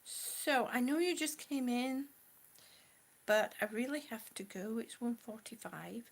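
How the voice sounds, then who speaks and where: A woman's voice: a little high, animated, unhurried, creaky. A middle-aged woman, a little out of breath, chatting affectionately with live viewers and calling them honey and sweetie. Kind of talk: casual live-stream chat.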